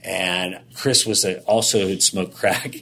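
A man's voice: low voice, gravelly, slightly rough. A man telling a candid personal story as an interview guest, in long run-on sentences that act out the dialogue. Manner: animated, rapid run-on sentences, acting out dialogue.

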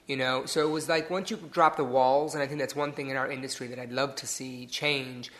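A man's voice: medium pitch, steady tone, fairly quick, fairly bright tone. A man from Detroit, a hairstylist, telling his story in a casual interview and acting out the people he quotes. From Detroit area, USA. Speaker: hairstylist guest.

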